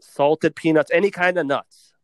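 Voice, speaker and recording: A man's voice: a little high, steady tone, moderate pace, dry recording. A man co-hosting a casual podcast, teasing his friends and rambling through his picks. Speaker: podcast co-host.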